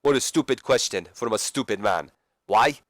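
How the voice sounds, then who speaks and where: A man's voice: medium pitch, animated, normal speed, fairly bright tone, no room sound. A man voicing a boastful foreign wrestler who speaks broken English and mocks others.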